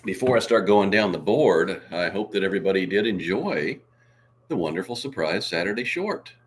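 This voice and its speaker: A man with a hoarse, very deep voice hosts a casual live stream, his pitch rising and falling in lively swings. He coughs now and then and reads out viewer comments with a showy flair. A faint hiss of background noise sits under the voice. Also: moderate pace.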